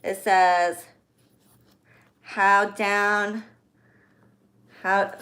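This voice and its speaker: A woman's voice: medium pitch, big pitch swings, drawn-out words, long pauses, fairly bright tone. A woman in her thirties chatting to her viewers while opening birthday gifts, gushing with thanks. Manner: effusive, grateful, gushing. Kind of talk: casual chat to viewers.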